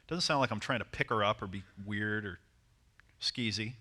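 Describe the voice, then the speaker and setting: A man coaching a seminar audience on dating, animated and acting out short bits of dialogue. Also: lowish voice, normal speed. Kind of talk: seminar talk to a live audience.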